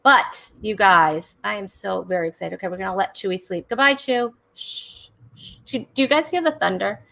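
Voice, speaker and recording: A woman's voice: medium pitch, a little fast, gravelly, sharp tone. A woman hosting a live online comedy talk show, bubbly and chatty, giggling and restarting her sentences as she goes. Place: home in Rhode Island during a thunderstorm.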